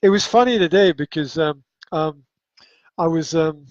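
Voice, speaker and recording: A man's voice: fairly high pitch, normal speed, darkish tone, no echo. A man hosting a casual live podcast conversation, talking emphatically with frequent restarts and the odd swear word. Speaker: podcast host. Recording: dull lo-fi livestream audio.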